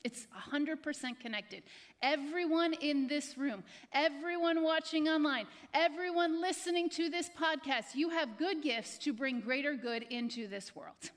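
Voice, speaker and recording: A woman pastor with a high voice preaches a little slowly to a live congregation in a church. She exhorts her listeners, repeats phrases, and calls people by name.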